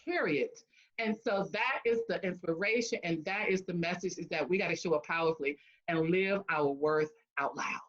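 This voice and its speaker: A woman's voice: on the low side, brisk, hardly any pauses, dull audio. A woman speech-language pathologist and coach, answering interview questions by telling a personal story with acted-out quotes and frequent laughter. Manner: animated storyteller who acts out quotes and laughs often.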